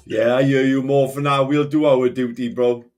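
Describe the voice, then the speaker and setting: A man's voice: mid-range voice, level tone, moderate pace, a little mellow, faint music behind. A man in a heated online argument, blunt, dismissive and swearing.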